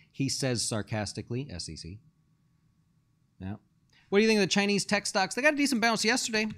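A man in the host's chair of a casual market show, chatting his way through stock prices and viewer questions. His voice sits at an ordinary middle pitch, and his delivery is loose and unpolished, full of fillers and false starts. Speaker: fund manager and show host.

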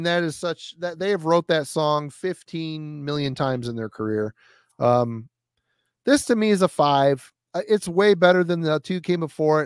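Relaxed male host, slightly higher pitch, dry close recording, laughs easily. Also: clear, resonant tone, no room sound. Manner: easygoing, laughs often, measured opinions. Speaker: podcast host. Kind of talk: casual chat.

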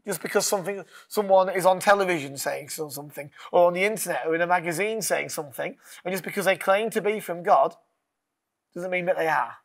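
Earnest pastor preaching. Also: male voice, high-pitched, brisk. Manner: earnest, leads call-and-response, drops to a hush. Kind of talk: sermon.

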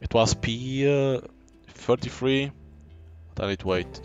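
A man's voice: medium pitch, slow pace, clear, resonant tone, dull audio, soft background music. A man casually commenting live while playing a video game, swearing offhand. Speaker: gaming commentator.

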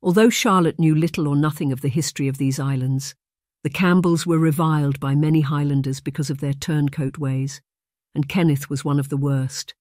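Measured audiobook narrator, dry and close. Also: mid-range voice, fairly even intonation, a little mellow, no echo. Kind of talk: scripted narration.

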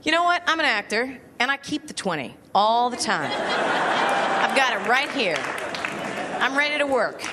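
A woman's voice: a little high, very animated, a little slow. A woman comedian doing a self-deprecating, sardonic stand-up set on stage at a music venue. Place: large music venue before a live audience. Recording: live stage recording with loud crowd laughter and noise. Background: audience laughter and applause.

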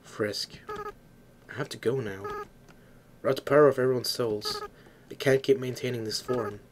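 A man reading game dialogue aloud as a remorseful young goat-monster boy, soft and halting. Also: mid-range voice, a little hiss or hum, close to an everyday voice. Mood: tender farewell. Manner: soft, halting, stumbling over words.

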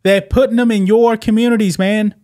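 A man's voice: sits high, steady tone, a little fast, warm tone. A man hosting political commentary over clips, emphatic and repetitive, who keeps tossing in "man". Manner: emphatic, repeats points and keeps saying "man". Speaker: commentary channel host.

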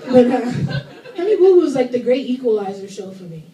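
High-voiced woman doing stand-up. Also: big pitch swings, fairly quick, mellow. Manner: loose, profane, conversational, laughing through jokes. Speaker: stand-up comedian. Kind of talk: stand-up comedy set. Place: comedy club stage. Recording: roomy club recording from far off with crowd. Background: audience laughing.

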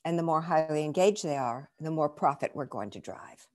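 A woman who is an author and management consultant, introducing herself in a measured, earnest way over a video call. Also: sits low, lively intonation, darkish tone. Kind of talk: self-introduction.

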